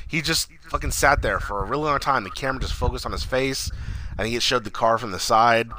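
A man's voice: medium pitch, quick pace, bright, forceful tone, poor audio. A man casually retelling a movie plot, rambling and swearing, with lots of "like" fillers. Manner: rambling, profane, full of "like". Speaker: podcast co-host. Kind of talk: casual movie recap chat.

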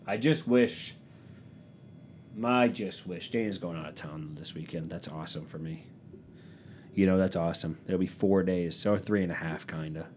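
Young man, lowish mellow voice, sarcastic home vlog rant, faint rumble behind. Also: moderate pace. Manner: sarcastic, rambling, swings from loud to muttering. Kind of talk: rambling comedic monologue.

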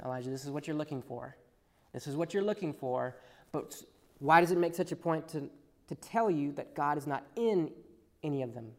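A man preaching a sermon, swinging between loud emphatic passages and hushed asides. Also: a little high. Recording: long reverb in a large hall.

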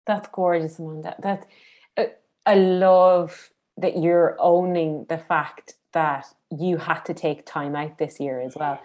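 A woman's voice: sits low, fairly even intonation, takes it slowly, a little mellow. A woman in her thirties hosting an interview, affirming her guest in casual chat. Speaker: podcast host.

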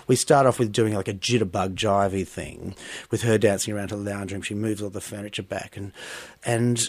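A middle-aged man with an Australian accent recalls his stage career as an interview guest. He tells his stories expressively and lifts into animated bursts when something amuses him. The recording is dry and close, with no room sound. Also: on the low side, fairly quick, no echo. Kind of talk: interview conversation.

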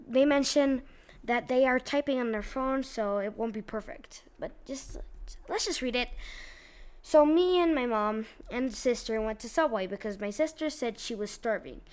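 High-voiced giggly woman reading posts. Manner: giggly, slangy, animated. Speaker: host reading online posts. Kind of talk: casual commentary and reading aloud.

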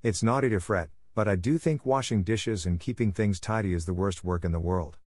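A man reading the lines of a shy, gentle, contented teenage girl in an audiobook. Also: sits low, a little fast, dry recording, studio quality. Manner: contented, soft-spoken.

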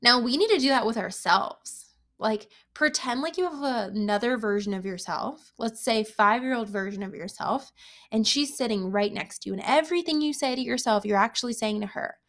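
A young woman speaks as a self-help coach, her voice sitting a little high. She talks emphatically and encouragingly, circling back to repeat her key phrases. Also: moderate pace, fairly bright tone. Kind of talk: motivational monologue to camera.

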